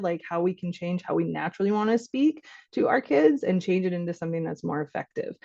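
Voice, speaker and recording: A woman's voice: on the low side, a little mellow. A woman in her thirties, a physician, giving a casual spoken parenting workshop and often checking in with "right?". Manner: chatty, keeps checking in with "right?". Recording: dull lo-fi online workshop audio.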